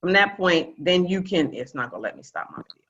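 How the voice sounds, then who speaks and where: Talking fast with big swings in pitch, this fairly low, fairly bright-toned woman from Brooklyn, New York coaches listeners through a casual real estate training call online. She's chatty and repeats herself, and the video call recording is dull and lo-fi.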